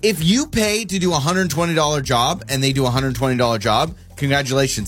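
A man's voice: a little high, fairly quick, hardly any pauses, faint music behind. A man co-hosting a casual radio show, cracking jokes and getting worked up when he takes sides. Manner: joking, gets worked up and animated. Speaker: radio co-host. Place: radio studio.

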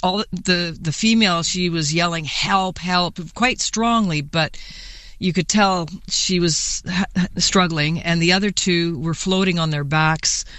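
A woman being interviewed for the news, recounting events in a halting way with many restarts. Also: lowish voice, a bit bright, no room sound. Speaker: interviewee, sailboat rescuer.

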